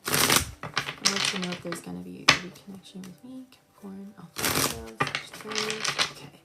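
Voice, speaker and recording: A woman doing a live-stream tarot reading, chatty and expressive, jumping from excited squeals to low murmurs as she talks to her viewers. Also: moderate pace, gravelly, heavy background noise. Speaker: tarot reader.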